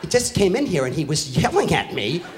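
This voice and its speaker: Male stand-up comic, high lively voice, profane rant that builds to shouts, live stage recording with faint crowd and noise. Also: moderate pace. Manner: profane ranting with rising shouted outbursts. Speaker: stand-up comedian. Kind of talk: stand-up comedy routine. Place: live comedy venue with an audience.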